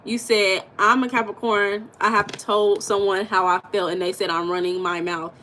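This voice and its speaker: Blunt, animated American woman streaming. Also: mid-range voice, normal speed, a little hiss or hum, low-quality recording. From United States. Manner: blunt, animated, swears, drops into emphatic bursts. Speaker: livestream host. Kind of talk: casual livestream chat reading viewer comments.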